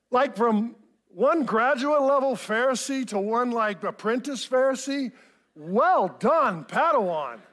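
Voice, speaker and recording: A man in his fifties preaching a sermon, telling a family story in an animated, self-mocking way. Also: extremely high pitch, takes it slowly. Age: 50s. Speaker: pastor.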